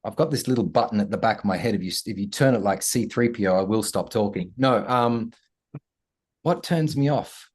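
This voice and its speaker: A man's voice: on the low side, brisk, darkish tone, slightly rough. A man guesting on an interview, talking earnestly and reflectively, with playful asides. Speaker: guest, self-worth coach. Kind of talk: conversational interview.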